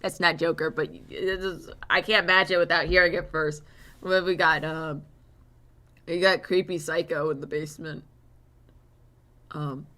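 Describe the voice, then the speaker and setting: A woman's voice: low-pitched, fairly even intonation, measured pace, pauses often, sharp tone. A young woman streamer chatting casually and rambling while she draws, with a dry, sore throat. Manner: chatty, rambling, swears freely. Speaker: streamer and artist.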